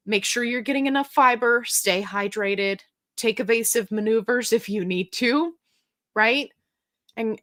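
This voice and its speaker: A woman's voice: fairly high pitch, a bit bright. Chatty woman hosting a livestream. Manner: chatty, jokey, reads viewer comments aloud. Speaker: livestream host. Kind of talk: casual livestream chat reading comments.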